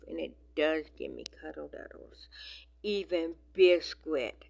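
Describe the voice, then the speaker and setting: A woman chatting casually on her vlog, rambling with many fillers and dropping into soft whispers at times. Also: low-pitched, slow pace, creaky. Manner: rambling, filler-heavy, affectionate talk. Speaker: vlogger. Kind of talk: casual chat.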